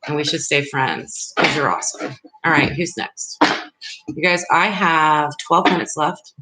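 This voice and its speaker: A woman's voice: sits low, unhurried, noisy background. A woman giving live tarot readings, speaking directly and reassuringly to her viewers in a loose, rambling way. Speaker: tarot reader.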